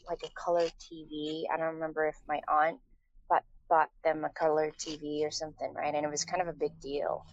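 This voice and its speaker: Woman guest, low gravelly voice, rambly storytelling full of likes and you knows. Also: dry recording, poor audio. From Taiwan. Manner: storytelling, many fillers and restarts. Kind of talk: casual interview talk.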